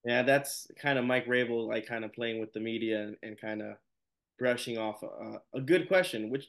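A man hosting a casual interview, giving short, relaxed reactions and slangy asides. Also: mid-range voice, moderate pace, gravelly. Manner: laid-back, short backchannel replies, slangy. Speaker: podcast host.

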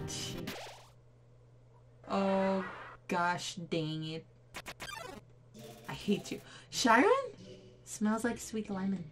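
Slow-talking young woman gamer. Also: medium pitch. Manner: reads on-screen text aloud between startled reactions. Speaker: let's play gamer. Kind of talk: let's play commentary. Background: game music.

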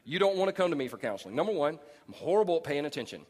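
A man in his forties preaching a sermon as pastor, animated and jokey, acting out people he talks about. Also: a little high, rapid-fire. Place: large church auditorium. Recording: long hall reverb.

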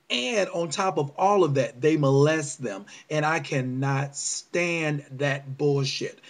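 A man, ranting to viewers in a casual vlog, agitated and indignant, swearing and calling them y'all. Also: on the high side. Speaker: vlogger.

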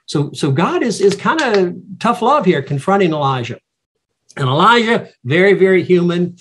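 A man teaching a Bible study in a reflective, explanatory, somewhat halting way. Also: sits high, big pitch swings, fairly bright tone, husky.

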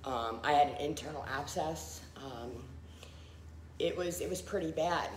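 Speaking candidly in a low, unhurried voice, a middle-aged Philadelphia-area woman recounts her recovery, using frequent fillers and imitating the people she quotes. The recording is reverberant, with a slight hiss or hum.

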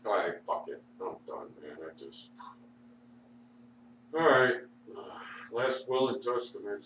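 A man mutters and swears through a rambling rant, slow and low-pitched. He sounds sore and strained. The recording catches him from across an echoey room over a faint hum. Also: distant mic. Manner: profane, muttering and grumbling. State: sore, struggling to talk. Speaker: vlogger.

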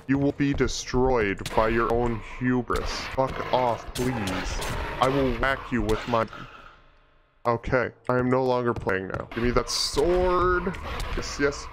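Slow-talking man in crude, panicky game commentary. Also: a bit bright, a little hiss or hum. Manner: panicky, crude and mock-grandiose, with jumpy pitch. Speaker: gaming YouTuber. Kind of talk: profane gameplay commentary.

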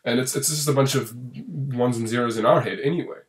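A man rambles through a movie review, restarting his sentences and getting animated over plot holes. His pitch sits in the middle for a man, and he talks at an everyday pace. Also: brisk. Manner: rambling, restarts often, animated when complaining. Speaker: podcast co-host reviewing a film. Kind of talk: casual film review chat.

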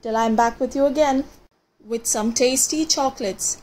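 A woman reading a children's fairy tale aloud, gentle and dramatic, with pauses for effect. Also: sits high, slight background noise. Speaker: storyteller.

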